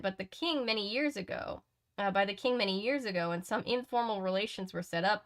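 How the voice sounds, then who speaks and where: A woman reading the lines of an earnest young male detective in a quick, plain read-aloud voice. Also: mid-range voice, fairly bright tone, close to an everyday voice.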